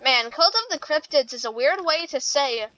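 A woman's voice: high voice, expressive, normal speed, fairly bright tone, lo-fi sound. A woman hosting a let's-play, rambling, joking and repeating herself as she plays. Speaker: gaming channel host.

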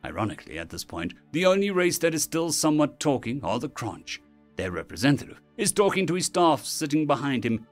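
Man, story narrator, dramatic, animated delivery, faint music behind. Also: on the high side, fairly quick.

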